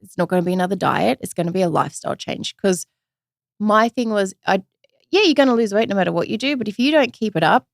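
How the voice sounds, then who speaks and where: A woman in her thirties telling a personal story in a casual interview, chatty and animated, acting out the voices of the people she quotes. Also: medium pitch, fast, vocal fry, no echo, studio quality. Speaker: podcast guest, usual host.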